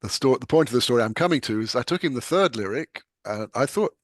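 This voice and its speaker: Older British guest, chatty raconteur, mid-pitched, dry recording. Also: male voice, fast talker, no room sound. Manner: animated storyteller, laughs often. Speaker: guest novelist. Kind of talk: conversational anecdote.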